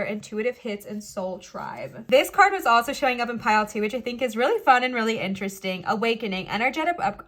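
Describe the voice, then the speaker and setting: A woman with a fairly high voice reads tarot for her viewers in an upbeat, encouraging tone. She repeats her affirmations, stops for chatty asides, and sounds a little out of breath in places. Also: fairly bright tone. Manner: enthusiastic, encouraging, repetitive affirmations. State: out of breath at times. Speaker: tarot reader, channel host. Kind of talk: pick-a-card tarot reading.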